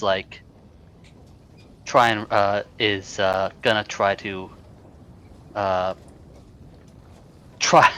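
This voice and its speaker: A man playing a tabletop game, describing his character's actions in a halting way with many fillers. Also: fairly low pitch, sharp tone. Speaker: player.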